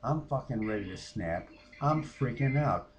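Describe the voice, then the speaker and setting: A man's voice: mid-range voice, expressive, unhurried, natural voice. Man playing a foul-mouthed, fed-up woman. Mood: exasperated. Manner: profane, ranting, mimics others. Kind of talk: comic character monologue.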